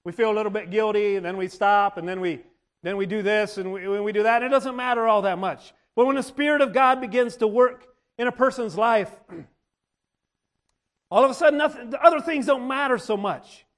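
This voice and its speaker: A man preaching a sermon, repeating and restarting his phrases for emphasis and often clearing his throat. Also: high-pitched, normal speed.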